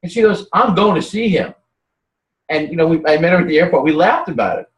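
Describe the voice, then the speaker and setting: A man's voice: fairly high pitch, fast, muffled recording. A man talking in a casual chat, telling rambling stories with lots of restarts. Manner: rambling, animated storytelling with many restarts. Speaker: guest. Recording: roomy, distant from the mic.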